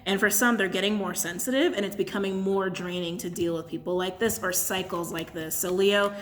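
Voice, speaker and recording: A woman's voice: fairly low pitch, fairly bright tone, a little hiss or hum. A woman doing a casual channeled tarot and crystal reading to her camera, chatty and blunt, laughing often.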